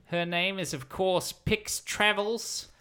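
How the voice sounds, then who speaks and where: A man's voice: sits high, fairly even intonation, takes it slowly, noisy background, voice pushed up. A man voicing a foul-mouthed male school principal with an Australian accent, swearing and bossing a school assembly. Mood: gruff. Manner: swearing, bossy. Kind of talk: tabletop role-play comedy.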